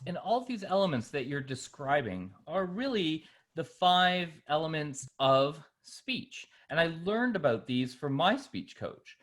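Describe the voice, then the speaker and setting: A man co-hosting a talk on speaking, explaining slowly and with lively delivery. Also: fairly high pitch, slight background noise. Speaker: co-host. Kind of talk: casual panel discussion.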